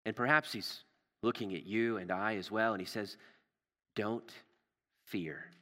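A male pastor preaching a sermon in a storytelling way, rising for drama and dropping low and soft for tender moments. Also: steady tone, brisk, big-room sound.

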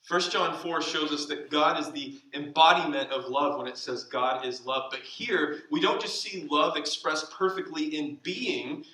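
A pastor's fairly high, bright voice rings through a spacious sanctuary as he gives a sermon, slowly stressing key phrases and then trailing off into quiet asides. The mic sits some way from the pulpit.

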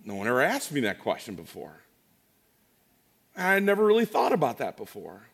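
A man's voice: mid-range voice, huge pitch swings, normal speed, vocal fry, fairly bright tone, husky. A middle-aged man preaching a casual, joking sermon as pastor in a church, with frequent restarts. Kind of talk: conversational sermon. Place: church sanctuary. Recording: long church reverb.

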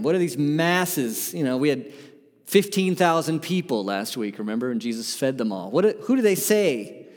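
Earnest male pastor preaching in a hall. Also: medium pitch. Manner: earnest, emphatic preaching with rhetorical questions. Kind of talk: sermon.

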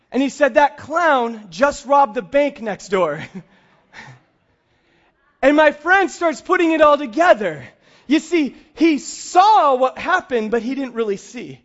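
Male preacher, very high pitch, animated storyteller, slightly muffled recording. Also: a little slow, pauses often. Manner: animated storyteller, acts out dialogue. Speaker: pastor. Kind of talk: sermon with storytelling.

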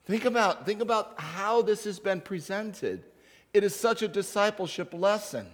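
A man with a high voice preaches a sermon in a loose, conversational way. He slips into short acted asides as different Bible characters while he tells the story. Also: expressive, moderate pace. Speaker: pastor.

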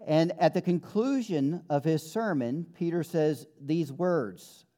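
Earnest preacher man, mellow voice. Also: on the high side. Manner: earnest, slows for quoted scripture, rises with fervor. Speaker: pastor. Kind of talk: sermon.

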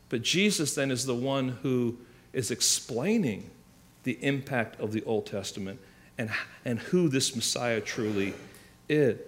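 A man's voice: mid-range voice, pushed and bright. A man preaching a sermon, explaining scripture with emphatic rhetorical questions and restarts. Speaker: pastor.

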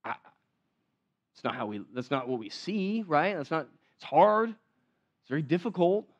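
A man's voice: on the high side, very animated, unhurried. A man preaching a sermon in a conversational way, often checking in with his congregation. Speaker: pastor. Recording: slightly dull, lo-fi sound.

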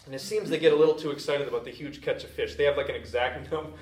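A man's voice: a little high, rapid-fire, darkish tone. A man preaching a sermon as a pastor, telling a story in a casual, conversational way. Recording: echoey room from a distant mic.

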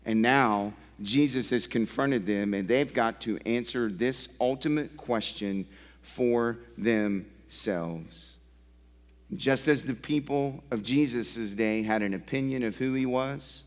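A male pastor preaching a sermon in a church, emphatic, building through repeated phrases and dropping low for effect. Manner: emphatic, building repetition with dramatic drops. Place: church sanctuary. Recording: long church hall reverb.

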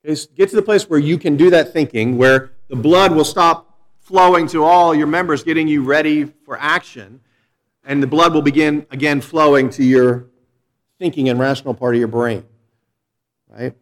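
A man's voice: fairly high pitch, normal speed. A middle-aged man, a pastor, preaching a sermon in a conversational, storytelling way with frequent restarts.

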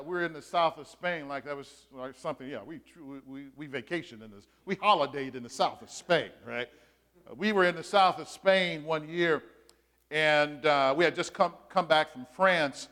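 A man's voice: on the high side, a bit bright. A middle-aged male pastor preaching a sermon in a conversational, storytelling way, asking his congregation questions and sharing personal stories.

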